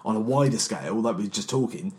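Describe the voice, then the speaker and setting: Animated male podcast co-host. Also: lowish voice, fast talker. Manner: animated, swearing, many "like" fillers. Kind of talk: casual podcast chat.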